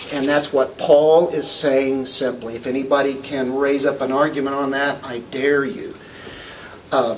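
A man's voice: a little high, distant mic, low-quality recording. Male pastor, expository sermon, emphatic with rhetorical questions; recorded slightly off-mic with light background noise.

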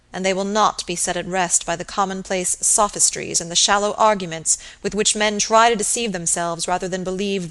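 A woman voicing a grave, earnest young male barrister, speaking in a formal, measured way. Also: mid-range voice, a bit bright, close to an everyday voice.

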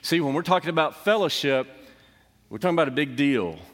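The middle-aged pastor sounds expressive and a bit bright here, his voice on the high side and his pace fairly quick. Preaching in a church sanctuary with long reverb, he tells a personal story conversationally while making fun of himself.

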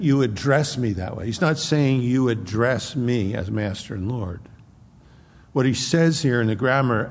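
Gravelly-voiced preacher in a reverberant church. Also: male voice, mid-range voice, a little mellow. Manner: conversational, acts out quoted speech. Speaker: pastor. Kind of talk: expository sermon.

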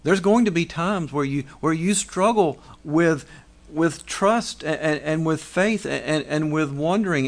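A man's voice: fairly high pitch, moderate pace. A middle-aged pastor preaching a conversational sermon, asking rhetorical questions and restarting phrases as he goes.

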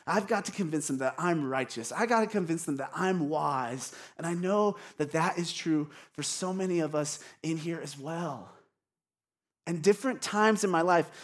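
Male pastor, high register, casual candid sermon delivery with self-deprecating asides. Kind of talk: conversational sermon. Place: church congregation.

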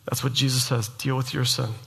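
A middle-aged man preaching a sermon, emphatic and animated, sometimes mimicking his listeners in mock voices. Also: medium pitch, a little fast, vocal fry, slightly rough. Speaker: pastor.

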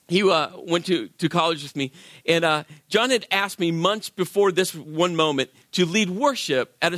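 A man's voice: high-pitched, no room sound, studio quality. A man, a worship leader, telling a personal story as a sermon and acting out the voices of people in it. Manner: animated, acts out quoted voices.

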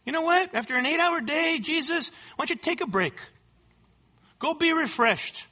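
A man's voice: very high-pitched, expressive, normal speed, bright, forceful tone, voice pushed up, exaggerated voice. A man voicing a scheming male devil tempter during a sermon, with a coaxing, mock-friendly manner. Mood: mock-kindly.

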